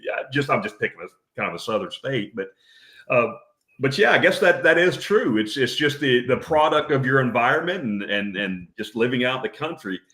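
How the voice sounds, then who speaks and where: A man's voice: medium pitch, expressive, fairly quick. A man hosting a casual chat, rambling and restarting often as he talks. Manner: rambling, warm-hearted with many restarts. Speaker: podcast host. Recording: roomy echo.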